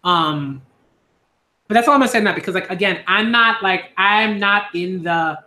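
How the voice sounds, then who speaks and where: A man's voice: high-pitched, moderate pace, sharp tone, roomy sound. A man speaking earnestly in a casual monologue, repeating himself with many fillers and restarts. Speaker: YouTube commentator.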